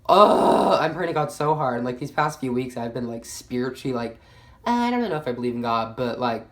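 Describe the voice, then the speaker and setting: A man's voice: mid-range voice, animated, brisk, fairly bright tone. A young man in his late teens telling a casual storytime vlog, rambling and saying "like" constantly. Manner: rambling, heavy use of "like". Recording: echoey room.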